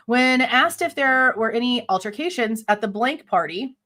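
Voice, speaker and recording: Her bright, forceful voice sits on the high side, with lively intonation and normal speed. She hosts a live true crime reaction show, reading a police report aloud and pushing back bluntly, exasperated, sharply skeptical and casually swearing.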